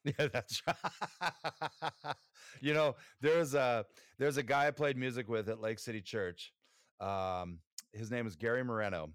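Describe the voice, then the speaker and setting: A man co-hosting a podcast in casual chat, relaxed, joking and a little rambling. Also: medium pitch, moderate pace, clear, resonant tone, dry recording, studio quality. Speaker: podcast co-host.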